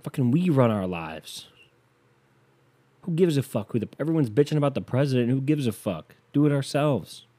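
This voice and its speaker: A man's voice: medium pitch, warm tone. A man from the United States doing a solo comedic rant, profane, rambling and self-mocking.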